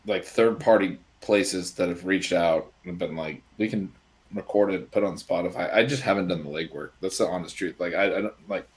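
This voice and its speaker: A man co-hosting a sports podcast who also writes, candid and low-key, swearing casually. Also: normal speed.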